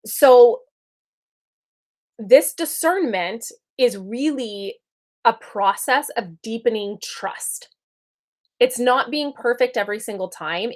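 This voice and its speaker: A woman in her thirties giving an earnest, conversational spiritual teaching talk. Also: medium pitch. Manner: earnest, conversational, checks in with "right?".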